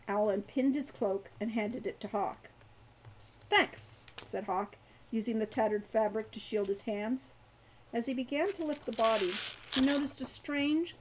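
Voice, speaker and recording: A woman reading her own fantasy novel aloud in a measured, expressive way. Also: on the high side, a little hiss or hum, rough recording.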